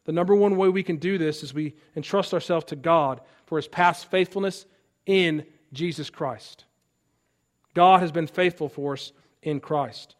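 Male pastor, high voice, earnest sermon delivery with rising emphasis. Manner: earnest preaching, reads scripture aloud with rising emphasis.

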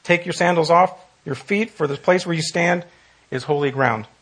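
A pastor leads a Bible study in a man's voice that sits on the high side, slightly bright and husky, at normal speed. He's earnest, repeating phrases for emphasis and reading scripture aloud.

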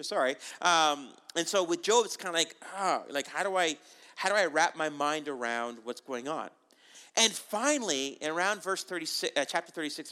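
Male preacher, conversational and jokey; bright, forceful, a bit high. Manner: conversational and joking, many asides and rhetorical questions. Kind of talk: sermon.

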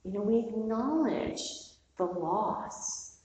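A woman's voice: on the high side, lively intonation, takes it slowly. Candid woman giving a dharma talk. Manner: warm, candid, digressive, with mild swearing. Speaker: meditation teacher. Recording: roomy hall from a distance, faint noise.

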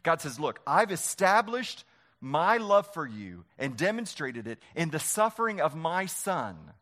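A man's voice: a little high, very animated, measured pace, fairly bright tone. A man preaching a sermon as pastor, impassioned, repeating phrases for emphasis and leading the congregation in a reading.

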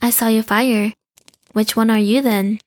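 Woman voicing a calm young shapeshifter. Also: on the high side, measured pace, natural voice. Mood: wary. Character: young female shapeshifter, watchful and courteous.

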